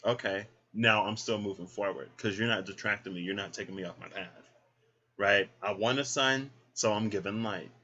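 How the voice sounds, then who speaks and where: A man's voice: fairly low pitch, normal speed, pushed and bright. A man giving a casual tarot reading, sassy and chatty, talking straight to the listener, in a dull lo-fi recording. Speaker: tarot reader. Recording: dull lo-fi sound.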